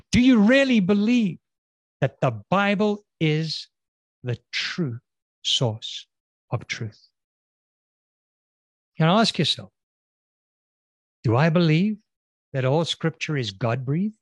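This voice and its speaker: A man preaching with emphatic, questioning delivery, his slightly high voice rising on challenges and sinking low and slow on key words. The sound is dry and close, with no room echo. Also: sing-song. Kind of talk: sermon.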